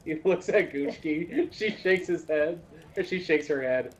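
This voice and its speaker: A man's voice: fairly high pitch, expressive, unhurried. Amused man narrating his character. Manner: amused, laughs while narrating. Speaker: player.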